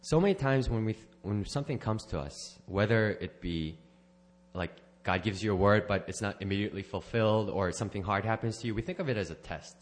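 A man with a fairly low voice tells his personal testimony to a church gathering. He rambles, restarts his sentences and corrects himself, and slips in small laughs. His delivery is unscripted and earnest. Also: fairly quick. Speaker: church member giving a testimony.

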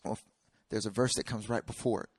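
A man's voice: on the low side, steady tone, fairly quick, husky, dry recording, studio quality. A man preaching a sermon in a conversational way, acting out little dialogues.

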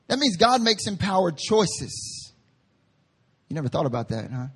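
A man preaching a sermon as pastor, with emphatic slow stresses and playful asides. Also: high voice, huge pitch swings, fairly bright tone, slightly rough. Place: church service.

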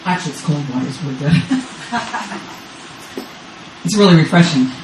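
Here the same fifties-aged grandmother from Texas preaches as a guest speaker, her deep, darkish voice moving at a normal pace. The call-and-response stays urgent and repetitive throughout the church service. It's recorded from a distance, off-mic, with roomy church acoustics and a little background noise.

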